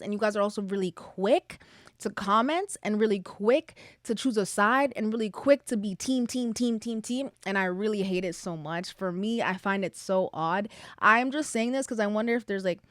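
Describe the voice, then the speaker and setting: A woman's voice: medium pitch, no echo, clean studio sound. A young woman hosting a casual solo podcast, chatty and opinionated, full of "like" fillers. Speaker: podcast host.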